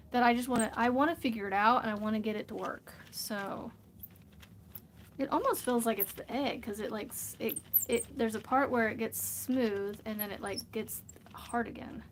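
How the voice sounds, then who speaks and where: Chatty woman vlogging at home, slight hiss. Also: a little high. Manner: chatty, rambling, laughs often. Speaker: crochet vlogger. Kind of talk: casual livestream chat while crafting.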